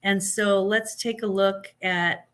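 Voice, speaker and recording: A woman's voice: mid-range voice, steady tone, slow, a bit bright. Sassy, blunt woman reviewing fashion. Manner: sassy, blunt and sarcastic, with frequent fillers and restarts. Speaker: fashion commentator hosting a live stream. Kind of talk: casual opinionated live chat.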